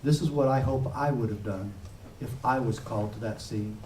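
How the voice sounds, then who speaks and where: A man, a former sheriff, giving an impassioned public speech with forceful, emphatic peaks. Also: medium pitch, normal speed, slight background noise. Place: event room. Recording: echoey room heard from a distance.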